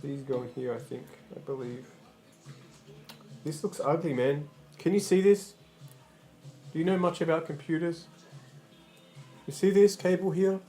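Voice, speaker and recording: A man's voice: a little high, unhurried, long pauses, mellow, soft background music. A man livestreaming in casual chat, rambling and swearing, often stammering and restarting his sentences.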